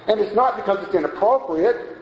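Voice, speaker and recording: Folksy preacher in a roomy hall. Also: male voice, high voice, lively intonation, a little fast. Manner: folksy, conversational preaching with asides and chuckles. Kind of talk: sermon. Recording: roomy, dull lo-fi sound with faint noise.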